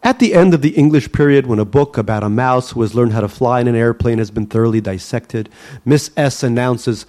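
A man's voice: mid-range voice, a little fast, darkish tone. A man from the Soviet Union reading his memoir aloud to a live audience, with a wry, self-mocking delivery. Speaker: storyteller.

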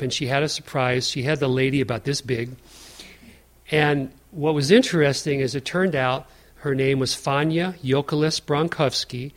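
A middle-aged man addresses an audience as an author sharing his research. He tells the story in an animated, conversational way, often restarting his sentences. His voice sits at an ordinary pitch for a man. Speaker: author giving a talk.

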